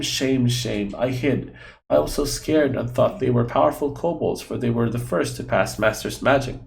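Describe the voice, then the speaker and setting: A man's voice: mid-range voice, creaky, reverberant, natural voice. A man voicing a fretful, childlike female guardian who talks about herself in the third person, with broken grammar.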